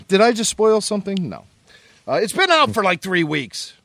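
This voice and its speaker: A man's voice: sits high, very animated, normal speed, vocal fry, fairly bright tone, dry recording. A man co-hosting a podcast, enthusiastic and joking in casual chat. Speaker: podcast co-host.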